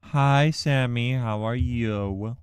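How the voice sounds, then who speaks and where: Smooth-voiced, unhurried male game streamer. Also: no echo. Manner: drowsy low-key mumbling that flares into loud excited outbursts; playful teasing. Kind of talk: casual live-stream banter.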